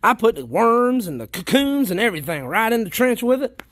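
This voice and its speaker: A man's voice: very high-pitched, a little fast, no room sound. A man, chatting casually and folksily as he films his worm bins. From South Carolina, United States. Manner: rambling, folksy, easily excited. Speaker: worm farming vlogger. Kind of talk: casual chat while filming.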